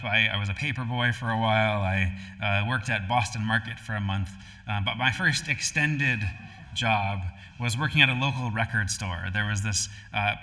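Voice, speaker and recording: A male pastor from Connecticut tells a sermon like a casual story, full of ums and restarts. His voice is bright and forceful at a middle pitch. It is recorded in a church sanctuary, with a long reverb trailing each phrase. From Connecticut, USA. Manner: relaxed, conversational, with frequent fillers and restarts. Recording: live-streamed hall with long reverb.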